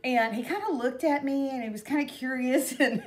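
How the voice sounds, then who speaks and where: A woman's voice: high voice, moderate pace. A middle-aged woman, chatting casually and rambling through a craft tutorial. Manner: chatty, rambling, with frequent "you know" and laughs. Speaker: craft vlogger. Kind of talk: casual DIY tutorial chat.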